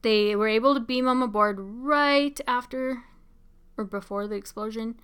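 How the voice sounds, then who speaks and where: A young woman casually commenting on a show as she watches, chatty and excitable, often laughing and saying "like". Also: on the high side, normal speed, clear, resonant tone. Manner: chatty, giggly, excitable, many "like" fillers. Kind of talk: casual live reaction commentary.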